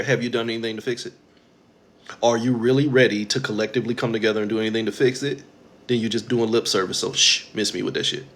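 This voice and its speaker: Guy ranting about spirituality, cussing a lot, preachy and blunt, regular pitch. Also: a bit bright. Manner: blunt, profane and preachy, mimicking others in quoted asides. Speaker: spiritual talk host. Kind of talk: casual spiritual monologue.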